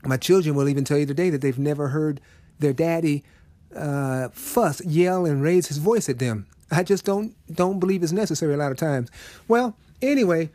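A man's voice: on the high side, darkish tone, no room sound. A middle-aged man preaching a storytelling sermon in a folksy, conversational way with emphatic turns.

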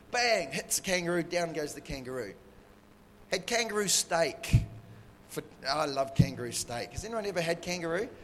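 A man's voice: high voice, pushed and bright, big-room sound. A man preaching, telling a story playfully with lots of sound effects. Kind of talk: animated sermon storytelling.

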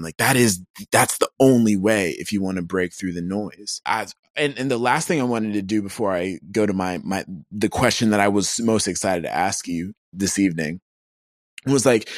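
A man's voice: fairly low pitch, no echo, studio quality. A man who co-hosts a podcast and plays viola, talking passionately and getting fired up. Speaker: podcast co-host, violist. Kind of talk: casual interview talk.

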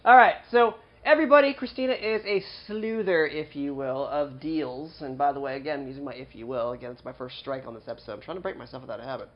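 Quick-talking guy hosting a podcast, self-mocking jokes, kinda dull lo-fi sound. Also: medium pitch. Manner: jokey, self-deprecating, fast promo patter. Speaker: podcast host. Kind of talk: casual podcast chat. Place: small studio.

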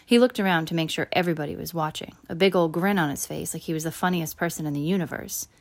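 A woman reading a first-person children's novel aloud, lifting her voice for the characters' lines. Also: fast. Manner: voices characters with raised pitch and louder quotes. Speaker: audiobook narrator. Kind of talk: first-person storybook narration.

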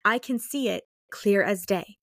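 A young woman talks through a novel with a friend, animated and quick to slip into characters' voices. Her voice stays close and dry, with no room sound behind it. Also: medium pitch, vocal fry, no room sound. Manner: animated, reads book passages aloud and acts out characters. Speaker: podcast co-host. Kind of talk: casual book-club chat.

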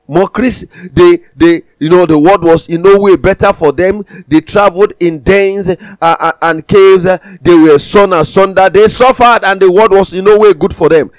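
High-voiced man preaching emphatically. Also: no echo. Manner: emphatic, repetitive declarations. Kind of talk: sermon.

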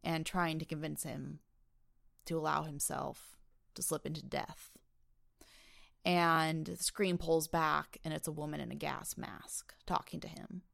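A woman co-hosts a casual film review chat, walking through scenes in lively detail. Her voice sits a little low with a gravelly, fry-laden texture. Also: measured pace. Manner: animated, retells scenes in detail. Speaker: podcast co-host.

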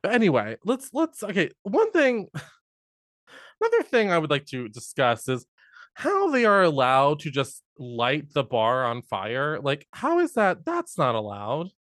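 A man co-hosting a podcast in casual chat, animated and laughing often. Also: a little high, a little slow, dry recording, clean studio sound. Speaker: podcast co-host.

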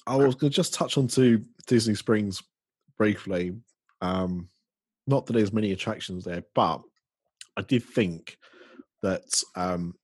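A man's voice: low voice, darkish tone, slightly rough, dry recording. A British man hosting a casual podcast chat, rambling easily with many ums and restarts. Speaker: podcast host.

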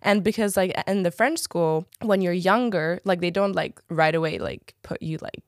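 A young woman with a British accent, an actor chatting casually in an interview, full of "like" fillers and quick laughs. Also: on the low side, dry recording, studio quality. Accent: British English. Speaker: actor, podcast guest.

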